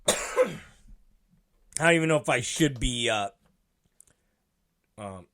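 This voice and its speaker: A man's voice: medium pitch, animated, slow pace, bright, forceful tone. A male show host rambling profanely in a casual podcast rant.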